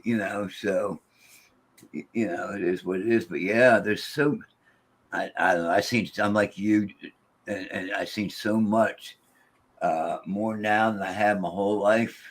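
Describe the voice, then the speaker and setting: A man's voice: on the low side, a little slow, fairly bright tone. A man talking casually about ghost box sessions, rambling with many restarts and quoting the voices he hears. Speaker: paranormal investigator. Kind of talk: casual chat.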